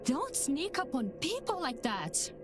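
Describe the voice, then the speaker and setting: A woman's voice: sits high, huge pitch swings, unhurried, exaggerated voice. Fields: Character: a sardonic woman. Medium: video game. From Brazil. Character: blunt, bored young Brazilian woman guest. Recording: game audio with music behind.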